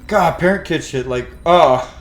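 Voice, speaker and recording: A man's voice: fairly high pitch, measured pace, soft background music. A man giving casual gameplay commentary, candid and emotional, swearing freely. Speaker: let's play host.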